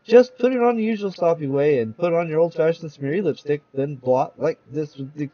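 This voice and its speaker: A man's voice: brisk, no echo, highs cut off, lightly acted. Man playing a perky TV lipstick announcer lady. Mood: salesy. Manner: bright sales pitch, upbeat. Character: perky female TV commercial announcer.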